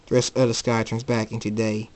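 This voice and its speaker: A man's voice: lowish voice, little pitch movement, a little fast, a little mellow, low-quality recording. A man narrating an amateur storybook, reading plainly and stumbling over words now and then.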